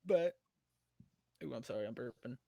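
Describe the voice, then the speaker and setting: A man's voice: mid-range voice, lively intonation, normal speed, gravelly, warm tone, dry recording, highs cut off. A young man chatting on a podcast call, eager and rambling, often cutting himself off mid-sentence. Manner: rambling, eager, self-interrupting. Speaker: podcast co-host. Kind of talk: casual chat on a call.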